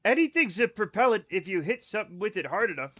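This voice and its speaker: A man's voice: sits high, very animated, quick pace, fairly bright tone. A young man streaming a game, joking and rambling with his chat, often breaking into giggles. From Scotland. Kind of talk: casual livestream chat while gaming.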